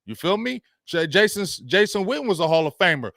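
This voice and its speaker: Animated man ranting on a sports show. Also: high-pitched, a little fast, gravelly, no room sound, studio quality. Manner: animated, slangy, reading viewer comments aloud.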